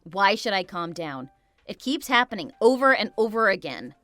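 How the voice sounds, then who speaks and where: A woman's voice: medium pitch, very animated, moderate pace, sharp tone, no echo. A woman's text-to-speech voice playing a blunt, pushy friend who urges her to leave. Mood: blunt, urging. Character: blunt, protective female friend.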